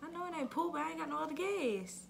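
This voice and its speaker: A woman's voice: high-pitched, expressive, fast, creaky, noisy background. A woman chatting playfully in slangy casual talk while playing a guessing game, laughing often. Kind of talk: casual chat.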